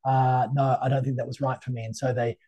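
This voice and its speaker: A man's voice: mid-range voice, level tone, brisk, warm tone, slightly rough. A middle-aged man, a tarot reader guesting on an interview, talking in a chatty, anecdotal way with many fillers. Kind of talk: casual interview conversation.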